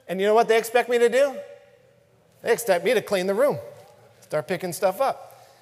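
A man preaching a sermon, dropping to hushed tones and rising to loud emphasis. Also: high-pitched, expressive, brisk, long reverb tail. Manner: preaching with dramatic swings between hushed and loud. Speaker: pastor.

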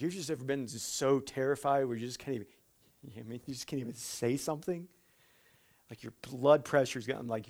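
A man preaching a sermon who breaks into humorous asides, stumbles over his words and restarts, and turns slow and quiet for solemn points. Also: fairly high pitch.

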